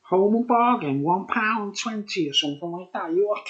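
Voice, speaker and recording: Middle-aged man, tipsy beer reviewer, rambling and chuckly, slightly high voice, dull lo-fi audio. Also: animated, moderate pace. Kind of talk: rambling casual chat.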